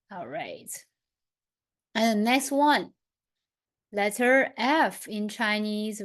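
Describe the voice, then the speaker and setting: A woman teaching an online lesson, leading slow, patient pronunciation drills and repeating each sound. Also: mid-range voice, expressive. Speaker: language teacher.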